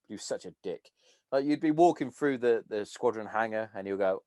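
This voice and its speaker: A man hosting a podcast, chatting in an animated, profane way and acting out his stories. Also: on the low side, a little fast, no echo. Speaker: podcast host. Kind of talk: casual chat.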